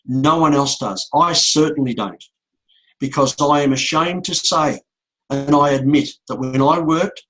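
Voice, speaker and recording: Husky aussie guy, middle-aged, giving a heavy motivational talk, slow and repeating himself for effect. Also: on the high side, a bit bright, rough recording. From Australia. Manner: slow, repetitive storytelling with emphatic pauses. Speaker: motivational speaker. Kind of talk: emotional speech to an audience.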